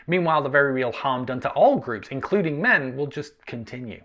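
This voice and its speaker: A man giving a measured explanation in a casual discussion. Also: mid-range voice, lively intonation, a bit bright. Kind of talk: casual opinion talk.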